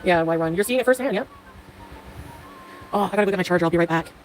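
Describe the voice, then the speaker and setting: A woman's voice: fairly low pitch, fast talker, slight background noise, low-quality recording. A woman hosting a live stream, answering chat commenters by name in a sarcastic, joking way and laughing often. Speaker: livestream host reading chat.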